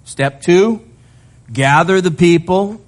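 Man acting as divine male voice, brisk, upbeat, instructive, raised pitch. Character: divine male voice giving simple orders.

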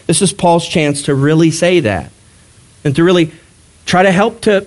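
A pastor delivering a sermon to his church, talking in a lively, conversational way. His voice sits a little high for a man, and he acts out little mock voices as he goes.

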